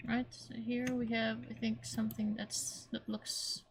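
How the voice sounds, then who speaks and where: Woman teacher, even monotone, recorded screen tutorial with faint background hum; methodical, repeats herself, clears throat often. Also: on the high side, unhurried. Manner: plain, step-by-step, repeats points, frequent throat clearing.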